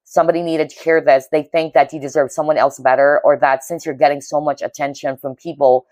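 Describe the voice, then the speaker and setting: Woman with a low voice doing a tarot reading, earnest and feeling it, dry close sound. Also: level tone, fairly quick, darkish tone, no room sound. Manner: earnest, intuitive, frequent "okay?" check-ins; emotionally moved, empathic. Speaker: tarot reader. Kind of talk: pick-a-card tarot reading.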